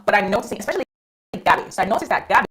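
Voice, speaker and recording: A young woman guest on a radio talk show, telling her story in a lively, casual way with frequent laughs. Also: medium pitch, rapid-fire, husky. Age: young adult.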